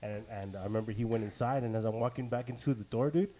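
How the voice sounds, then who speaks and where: A man's voice: medium pitch, fast talker, mellow. A man from El Paso telling a story in casual chat, swearing and saying "dude" a lot. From El Paso, Texas.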